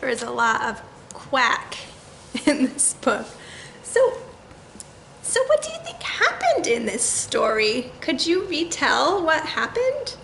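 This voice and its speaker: Librarian lady doing story time for kids, slow and gentle, a bit of vocal fry, faint hiss behind. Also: high-pitched, huge pitch swings, echoey room, low-quality recording. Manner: gentle, chatty, asks children questions; reads the quacks in a bouncy sing-song. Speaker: children's librarian. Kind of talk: online children's story time.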